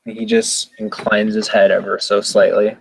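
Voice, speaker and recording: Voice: mid-range voice, big pitch swings, a little slow, gravelly, slightly rough, rough recording. A player in a tabletop role-playing game, narrating their character's actions in short, plain lines. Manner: terse and plain.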